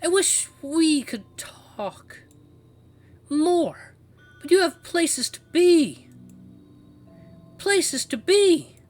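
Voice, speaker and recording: A man voicing a distorted, eerie female voice that speaks through a walkie in choppy, halting phrases. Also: very high-pitched, sing-song, soft background music, pitched above the performer's own voice, heavily acted. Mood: choppy pleading.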